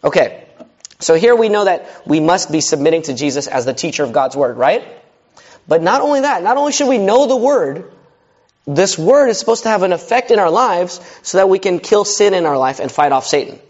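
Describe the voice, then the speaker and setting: A man's voice: high-pitched, expressive, fairly quick, lo-fi sound. A male pastor preaching a sermon in a direct, conversational way, often putting questions to his listeners.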